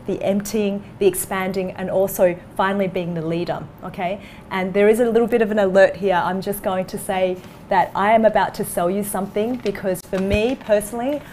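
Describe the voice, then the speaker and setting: A woman coach telling a client's story and pitching her course with enthusiasm in an online interview. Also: a little mellow, a little hiss or hum. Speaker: coach for dentists.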